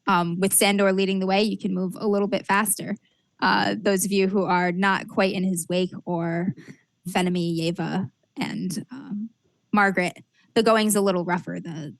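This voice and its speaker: A woman's voice: medium pitch, dry recording. A woman narrating a tabletop role-playing game as game master, describing scenes with frequent fillers and restarts.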